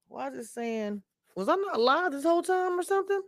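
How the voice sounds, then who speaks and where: A woman's voice: high-pitched, very animated, a little fast, no echo, studio quality. A woman hosting a casual live stream, chatting straight to her viewers and laughing often as she talks. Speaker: live-stream show reviewer.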